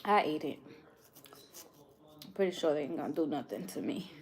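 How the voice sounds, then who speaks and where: A woman's voice: low-pitched, expressive. A young woman with a New York accent, chatting casually with live viewers as a cooking vlogger, laughing often. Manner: laughs often, chatty, drawn-out slow speech.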